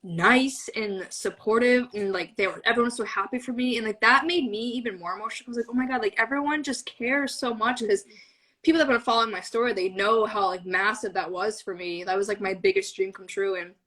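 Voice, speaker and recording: A woman's voice: medium pitch, quick pace, bright, forceful tone, low-quality recording. A young woman telling a fan story in a casual chat, gushing and breathless with many fillers. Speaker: fan panelist.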